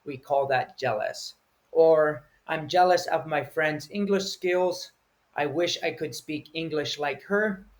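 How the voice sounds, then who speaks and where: A man's voice: on the high side, slow. A man teaching English vocabulary, explaining each word patiently and acting out short example feelings.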